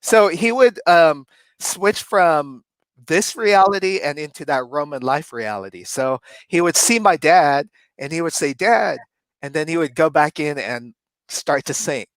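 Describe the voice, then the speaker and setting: A man's voice: fairly high pitch, expressive, a little slow, no echo. A man co-hosting a casual chat, animatedly telling a story and laughing often as he talks. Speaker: co-host.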